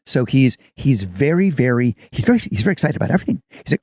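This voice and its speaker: A man in his fifties, an actor co-hosting a podcast, chatting casually as an animated storyteller. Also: mid-range voice, quick pace, few pauses, dry recording, studio quality. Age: 50s. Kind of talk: casual chat.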